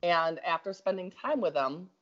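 A woman's voice: on the low side, moderate pace. Chatty Minnesotan woman telling a story. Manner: animated, laughs often, talks in bursts. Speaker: guest storyteller. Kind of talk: casual storytelling chat. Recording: slightly dull lo-fi audio.

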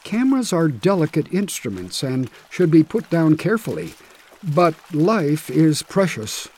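A man giving a scripted first-person narration in a measured, matter-of-fact way. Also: a little high, very animated, darkish tone, breathy edge.

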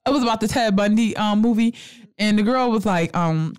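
A woman's voice: mid-range voice, fairly quick, clean tone, dry recording, studio quality. A woman co-hosting a podcast, chatting casually, blunt and profane as she tells stories with lots of energy. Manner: blunt, profane, animated storytelling. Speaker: podcast co-host. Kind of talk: casual chat.

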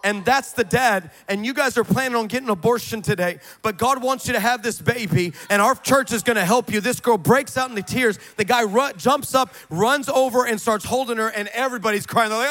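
A middle-aged male pastor preaching a sermon in a church, telling a story dramatically and swinging from shouts to hushed tones. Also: very high-pitched, brisk, few pauses.

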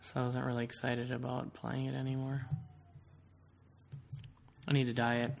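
A man's voice: mid-range voice, monotone, normal speed, vocal fry, a little hiss or hum. Rambling man telling a story. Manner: rambling storyteller, lots of fillers. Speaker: podcast host. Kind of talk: casual podcast chat.

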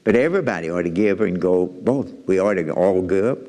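A male preacher with a somewhat low voice delivers an animated sermon, stammering into restarts and repeating his phrases. His voice rings out through a church hall with a long reverb trailing each line. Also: brisk.

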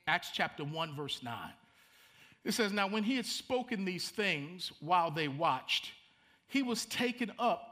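A middle-aged male pastor preaching with a high, bright voice. He swings widely up and down in pitch as he reads verses and punches his points home. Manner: animated preaching, reads scripture and comments with dramatic emphasis. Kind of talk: sermon.

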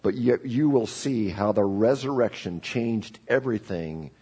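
Male pastor preaching in church; husky, gravelly voice that builds to loud emphasis. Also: lowish voice, measured pace. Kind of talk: sermon. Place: church sanctuary.

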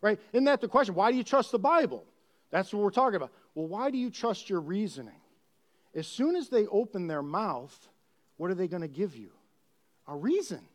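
A man preaches a sermon in a high voice that swings widely up and down. He keeps firing rhetorical questions at his listeners and drives each point home with animated emphasis. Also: fairly quick. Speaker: pastor.

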